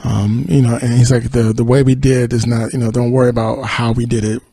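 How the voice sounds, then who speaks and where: A man's voice: medium pitch, level tone, a little fast, warm tone, no room sound. A male podcast host casually retelling a TV episode, rambling with many fillers and acted-out quotes.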